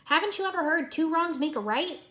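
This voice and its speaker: A woman's voice: extremely high pitch, animated, a little fast, a bit bright, voice pushed up. A woman voicing a brash, bossy young male ninja. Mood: cocky.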